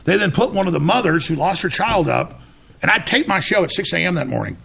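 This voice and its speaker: A man's voice: sits high, lively intonation, a little fast, vocal fry, a bit bright, husky. A man as an interview guest, telling his story emphatically, restarting words and acting out what others said. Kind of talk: animated storytelling in conversation.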